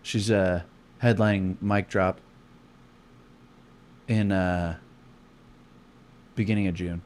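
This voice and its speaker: Young male comic host, low voice, profane and animated storyteller. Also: takes it slowly. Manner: profane, animated, acts out quotes loudly. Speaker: comedian podcast host. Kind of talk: casual storytelling chat.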